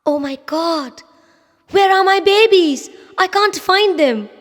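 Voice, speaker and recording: A woman voicing an anxious mother crow who pleads in a high, tearful voice. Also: very animated, slow, vocal fry, exaggerated voice. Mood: distraught. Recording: echoey reverb.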